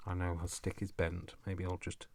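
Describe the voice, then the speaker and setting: A man's voice: low-pitched, monotone, normal speed, creaky, a little mellow, slight background noise. A middle-aged man from Coventry, chatting playfully to himself while crafting. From England (Coventry). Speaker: craft vlogger. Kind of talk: casual chat while crafting.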